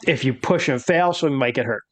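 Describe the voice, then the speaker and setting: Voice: mid-range voice, a little fast. A game master running a tabletop horror game, explaining rules with many fillers.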